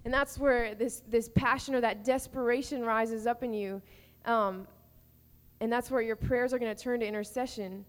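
A young woman speaking earnestly to teenagers at a youth camp, teaching about prayer in a casual, heartfelt way. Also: a little high. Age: young adult. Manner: earnest, rising to impassioned cries when acting out prayer. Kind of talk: informal teaching to teens. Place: camp meeting hall. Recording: long reverb of a large hall.

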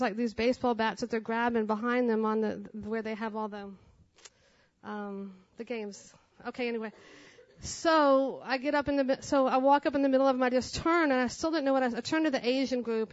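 A woman's voice: fairly high pitch, no echo. A woman telling a personal faith testimony at a conference session, rambling with many fillers and restarts, on a dull, lo-fi recording. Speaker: guest giving a testimony.

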